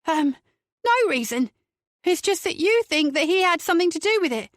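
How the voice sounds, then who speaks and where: Woman doing a big frightened man, pleading, whiny, high-pitched. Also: sing-song, moderate pace, no echo, studio quality.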